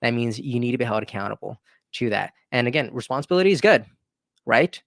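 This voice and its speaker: A political commentary host with a mid-range voice talks fast and animatedly, with some creak, in his own commentary video. He's conversational, repeatedly restarting and throwing in emphatic rhetorical asides, with clean studio sound and no room sound.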